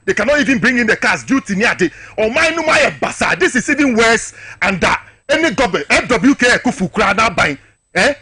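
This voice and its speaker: Fiery Ghanaian man, fast and high. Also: expressive, sharp tone, slightly rough, dry recording, studio quality. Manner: impassioned, hammering rhetorical questions. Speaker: political guest. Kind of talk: heated political talk-show argument.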